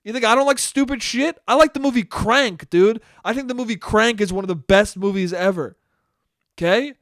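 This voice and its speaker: A young man with a fairly high voice rants alone into his podcast mic, swearing freely and slipping into mocking impressions of critics. The sound is dry and close, with no room around it. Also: normal speed, dry recording. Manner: animated ranting, mocking voices of critics, frequent swearing and laughing. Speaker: podcast host. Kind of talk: solo podcast monologue.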